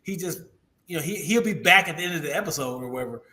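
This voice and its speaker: This is a man co-hosting a laid-back podcast. His voice sits slightly high, and he talks in a halting way, often stopping to search for his words before he gets his point out. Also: expressive, pushed and bright. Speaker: podcast co-host. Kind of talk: casual chat.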